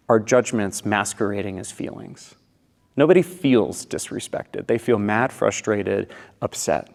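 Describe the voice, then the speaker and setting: A man's voice: lowish voice, creaky. A man giving a storytelling talk at a conference, acting out scenes and leading the audience. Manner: animated, acts out scenes and leads the crowd. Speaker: conference speaker. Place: conference hall. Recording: long reverb of a large hall.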